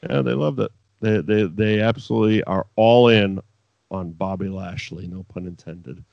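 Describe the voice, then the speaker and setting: A man co-hosting a podcast, talking in a profane, animated, casual way. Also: fairly low pitch, moderate pace, gravelly, no echo, dull audio. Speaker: podcast co-host. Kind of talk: casual chat.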